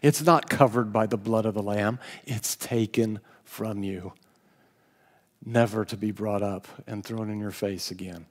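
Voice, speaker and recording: A preacher retelling the words of a gentle, kindly elderly man, speaking softly and earnestly. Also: on the low side, fairly even intonation, unhurried, pitched below the performer's own voice. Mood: solemn. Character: gentle elderly male saint, calm and kindly. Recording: long hall reverb.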